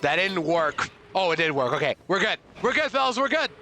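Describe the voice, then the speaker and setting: A young man streaming a game live, chatting with viewers and loudly overreacting to surprises. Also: sits high, very animated, fairly quick, soft background music.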